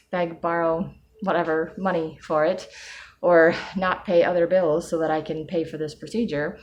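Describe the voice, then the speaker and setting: Low-voiced teary woman vlogging. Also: a little hiss or hum. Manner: emotional, near tears, with many pauses and fillers. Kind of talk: personal video diary. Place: at home.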